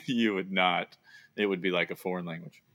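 A man's voice: low-pitched, fairly even intonation, moderate pace, pushed and bright. A man with a light Southern American accent, co-hosting a casual gaming podcast in a laid-back way, often trailing off. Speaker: podcast co-host.

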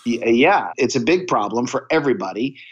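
A man's voice: medium pitch, expressive, brisk, slightly rough. A man as a podcast guest, talking earnestly in a conversational interview and telling anecdotes, often restarting his phrases. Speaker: podcast guest, sales coach. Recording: dull lo-fi audio.

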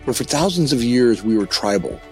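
A man's voice: medium pitch, expressive, fairly quick, a little mellow, soft background music. A middle-aged man talking candidly as a company founder in a podcast interview, often tagging his points with "right?".

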